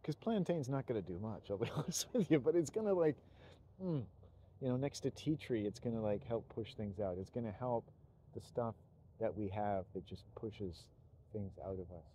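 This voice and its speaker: A middle-aged man talks to camera in an earnest, rambling personal monologue and drops the occasional curse. His voice sits low and sounds deeply mellow and dark. A faint hum of vehicle noise runs underneath. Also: animated, normal speed, rough recording. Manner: earnest, rambling, swears when stirred. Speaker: YouTuber.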